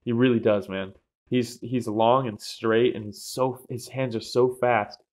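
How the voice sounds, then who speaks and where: A young man co-hosting a fight podcast, talking excitedly, laughing often and swearing freely. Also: mid-range voice, measured pace. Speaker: podcast co-host. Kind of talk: casual chat.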